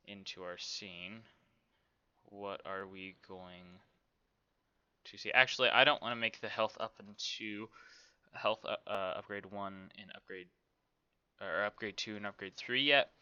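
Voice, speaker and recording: A man's voice: lowish voice, bright, forceful tone, smooth, dry recording, muffled recording. A man casually talking through a game development tutorial, rambling to himself with many fillers. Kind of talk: casual screen-recorded tutorial.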